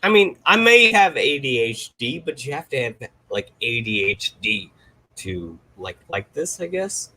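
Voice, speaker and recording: A man's voice: medium pitch, very animated, a little slow, pushed and bright, slight background noise, rough recording. Blunt, dismissive man. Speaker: podcast co-host. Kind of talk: casual movie review chat.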